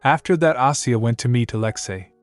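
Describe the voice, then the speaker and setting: A man's voice: mid-range voice, a little fast, faint music behind. A man reading scripted narration for a comic story recap.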